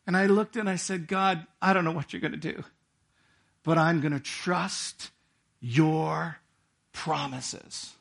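A middle-aged man delivers a sermon as a personal story, speaking to his congregation in a conversational way. His voice sits a little on the high side for a man, and he tells the story with asides to the listeners. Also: pushed and bright. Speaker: pastor. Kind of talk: sermon testimony.

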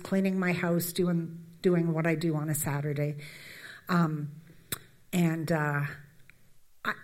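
A woman in her fifties from Canada, giving a conversational church talk with many fillers and friendly asides. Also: lowish voice. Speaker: church speaker. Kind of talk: conversational sermon.

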